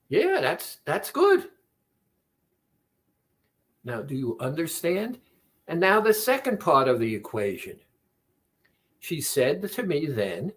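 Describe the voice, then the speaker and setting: Man, weight-loss coach, slow delivery, lively pitch, slightly high voice. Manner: slow, deliberate, retells conversations with quoted dialogue. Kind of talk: reflective monologue.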